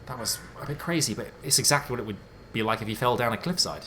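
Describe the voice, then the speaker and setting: A man giving let's play commentary on a game, excitable and jumpy, thinking aloud in casual slang. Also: medium pitch, fast talker, background noise. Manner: casual slangy talk, says mate and dude. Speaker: gaming YouTuber.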